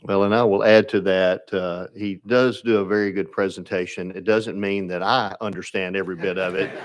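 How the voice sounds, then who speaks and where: A man's voice: low voice, level tone, normal speed. A man chairing a legislative committee hearing, polite and procedural.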